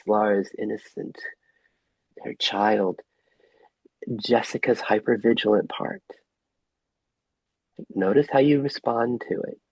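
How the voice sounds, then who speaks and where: A man facilitating a reflective group session over a video call, gently asking inviting questions. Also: fairly low pitch, breathy edge, dry recording, poor audio.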